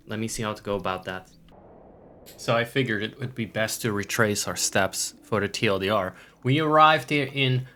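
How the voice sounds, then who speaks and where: A man's voice: medium pitch, pushed and bright. A man streaming a puzzle adventure game, chatting casually with viewers, joking around and playing with words. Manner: playful and goofy, riffs on words and puts on silly voices. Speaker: let's play streamer. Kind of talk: casual gameplay commentary.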